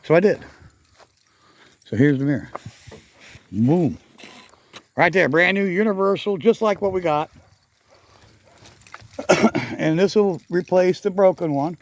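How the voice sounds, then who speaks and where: A man's voice: high voice, animated, unhurried, pauses often. A middle-aged man chatting casually in a garage vlog outdoors, rambling and correcting himself with frequent chuckles. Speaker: garage channel vlogger.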